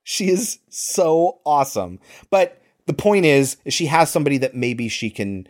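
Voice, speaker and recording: A man's voice: on the high side, moderate pace. Man animatedly retelling a film plot. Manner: animated retelling, swears, acts out quoted lines. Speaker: podcast co-host. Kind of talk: casual movie recap chat.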